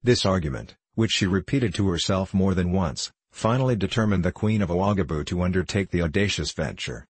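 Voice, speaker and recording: A man reads a children's fantasy book aloud, keeping an even, steady storytelling pace. His voice is very low and husky. The recording is dry and close, with no room sound. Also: fairly quick, few pauses, no room sound. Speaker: narrator. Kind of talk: audiobook narration.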